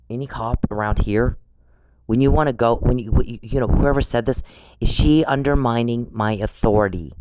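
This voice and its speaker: A man's voice: mid-range voice, darkish tone, no echo, poor audio. A man delivering an angry podcast monologue, scolding and repeating short commands over and over. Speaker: podcast host.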